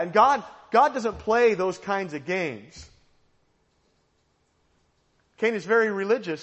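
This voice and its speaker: A man's voice: high-pitched, expressive, moderate pace, fairly bright tone, highs cut off. A male pastor preaching a sermon with an emphatic, repetitive cadence, heard with long hall reverb.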